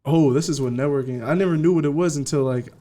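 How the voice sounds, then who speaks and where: A young man from California, a DJ guest telling his story in a casual interview, slangy and animated, acting out what people said. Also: fairly high pitch, fast. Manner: slangy, animated, acts out quotes.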